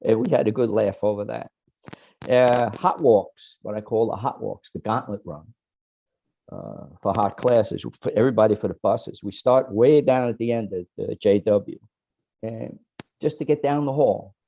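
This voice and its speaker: A man on a video call panel, haltingly recalling a late friend with many restarts. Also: lowish voice, vocal fry, warm tone, highs cut off.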